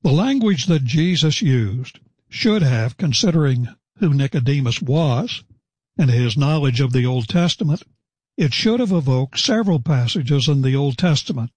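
A man giving a measured, deliberate expository Bible teaching, reading verses and explaining them. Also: mid-range voice, animated, a little mellow, breathy edge, no echo.

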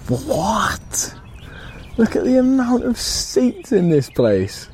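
British man, vlog clip, astonished and exclaiming, lively pitch, faint outdoor noise. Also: slow pace. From Britain. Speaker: visitor filming a vlog clip. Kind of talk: amazed vlog commentary.

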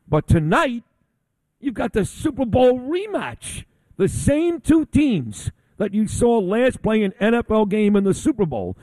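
A man's voice: sits high, dark tone, no echo. A man hosting a radio talk show, ranting bluntly and combatively with insults, broadcasting on location from a convention.

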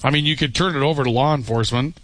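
Blunt talk radio host, dry studio sound. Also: male voice, mid-range voice, racing, fairly bright tone, dry recording. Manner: opinionated, blunt, wry. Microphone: studio microphone.

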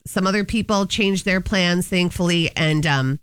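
A woman's voice: on the low side, moderate pace, clear, resonant tone, no echo. A middle-aged woman co-hosting a casual chat show, telling stories in a chatty way and laughing often.

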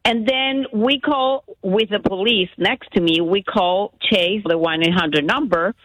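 Excited woman telling her story. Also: medium pitch, measured pace, no echo, low-quality recording. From Miami, Florida. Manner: animated, breathless retelling with loose grammar. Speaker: guest caller. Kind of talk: casual storytelling.

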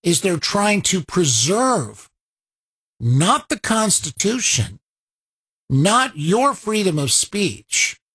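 Husky-voiced, sarcastic political commentator. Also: medium pitch, big pitch swings, takes it slowly, fairly bright tone. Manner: rhetorical questions, sarcastic quoting of opponents. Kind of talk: opinionated commentary on a played clip.

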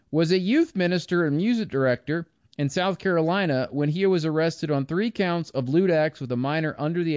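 A man's voice: on the high side, darkish tone, no echo, clean studio sound. A man giving a blunt, scornful, rambling political commentary monologue.

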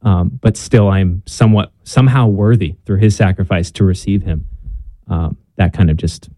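Young male guest, earnest, self-deprecating storyteller; low warm voice, dry sound. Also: moderate pace, dry recording. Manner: earnest, self-deprecating, with frequent ums and restarts. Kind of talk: casual conversation about faith.

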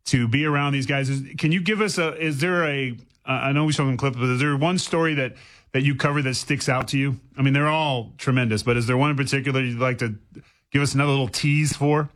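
A man's voice: medium pitch, steady tone, fast, fairly bright tone. A man hosting a radio interview, chatty and joking, stumbling a little as he works into his questions. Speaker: radio host.

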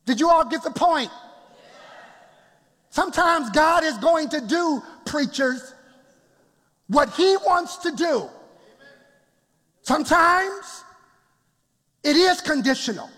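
A man's voice: very high-pitched, animated, slow, pauses often, a bit bright, long reverb tail. A man preaching a sermon as pastor in a church, laughing often and calling out to the congregation.

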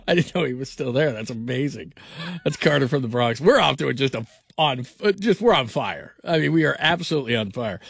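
A man's voice: mid-range voice, lively intonation, fairly quick, creaky, fairly bright tone, slightly rough, no room sound. A man hosting a late-night sports talk radio show, rambling and restarting his sentences and laughing often. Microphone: studio microphone. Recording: dry close studio sound.

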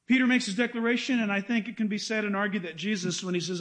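Middle-aged male preacher, very high voice, animated sermon delivery, plays out quotes. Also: rapid-fire, few pauses. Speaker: pastor.

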